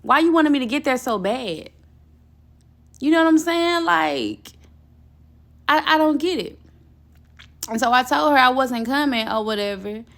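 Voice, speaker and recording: A young woman telling a personal story in casual storytime style, blunt and expressive, swearing freely. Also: sits high, unhurried, pauses often.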